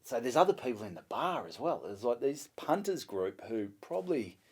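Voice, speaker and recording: An Australian man in casual conversation, telling a gig story with lively, swearing energy. He acts out what he and others said in each exchange, in a voice of middling pitch. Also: moderate pace, husky. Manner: animated, swears freely, acts out both sides of exchanges. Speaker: stand-up comedian, guest.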